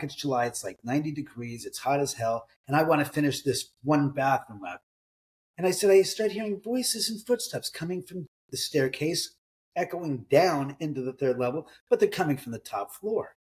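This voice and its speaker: A man's voice: fairly high pitch, expressive, fairly quick, darkish tone. A middle-aged man, an author, telling ghost stories in a casual interview, acting out quoted voices and swearing now and then. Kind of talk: conversational storytelling in an interview.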